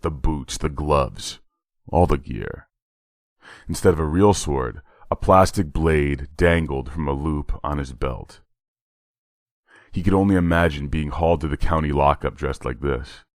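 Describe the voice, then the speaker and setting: A man reading a horror story aloud with a measured, dramatic delivery. His voice is exceptionally deep, and the recording is dry and close with no room sound. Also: no room sound. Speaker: narrator. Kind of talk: scripted horror story narration.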